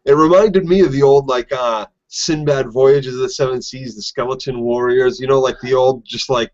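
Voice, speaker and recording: A man's voice: mid-range voice, fairly even intonation, moderate pace, a little mellow, highs cut off. A man co-hosting a casual recap podcast, chatty and jokey, chiming in with comments. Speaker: podcast co-host.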